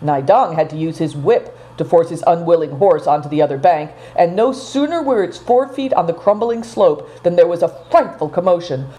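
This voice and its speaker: A woman narrates a storybook in an expressive reading voice. Her voice is low and mellow. The pitch moves freely from line to line. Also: brisk, few pauses, poor audio. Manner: expressive, even-paced reading.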